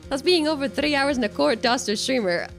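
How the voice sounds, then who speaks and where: A young woman, streaming a game, giggly and excitable as she chats with viewers. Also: high voice, fast talker, vocal fry, soft background music. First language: Finnish. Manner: giggly, excitable, reads dialogue aloud. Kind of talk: game livestream chat.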